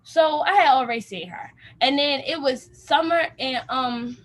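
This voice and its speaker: Young woman, high voice, casual storytelling, animated, acts out quotes. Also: unhurried. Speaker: youth program participant.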